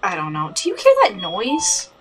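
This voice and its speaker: A woman's voice: medium pitch, huge pitch swings, normal speed. A young woman chatting playfully through a horror game, with exasperated asides. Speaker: gaming channel host. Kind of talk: let's play commentary. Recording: faint game music behind.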